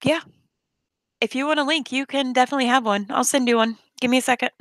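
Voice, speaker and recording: A woman's voice: high voice, steady tone, fast talker, fairly bright tone, no room sound. A woman streamer swearing heavily in a blunt, confrontational rant to her chat. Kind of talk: angry rant on a live stream.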